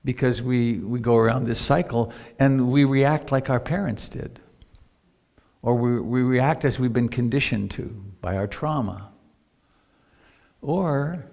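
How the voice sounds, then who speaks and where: A man's voice: medium pitch, gravelly, a little mellow. A man in his sixties, a meditation teacher giving a live dharma talk, telling personal stories reflectively. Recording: long hall reverb, live stream.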